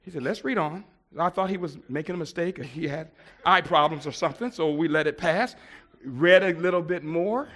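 A middle-aged pastor from Buffalo, New York, telling a personal story in a sermon and swinging between loud outbursts and hushed asides. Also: male voice, a little high, fairly quick.

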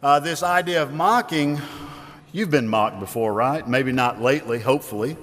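A man's voice: mid-range voice, animated, moderate pace, a bit bright. A man, a father, preaching a sermon in a conversational way, asking his listeners questions as he explains a Bible passage. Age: adult with children. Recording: long hall reverb.

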